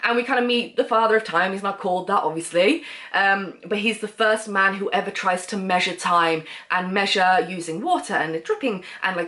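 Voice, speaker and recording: A woman's voice: mid-range voice, a bit bright. A woman talks through her monthly reading in a loose, chatty way. She rambles, restarts and laughs at her own tangents, her voice sitting in an ordinary middle range. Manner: rambling, chatty, loses her train of thought. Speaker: book vlogger. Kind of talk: casual monthly reading wrap-up.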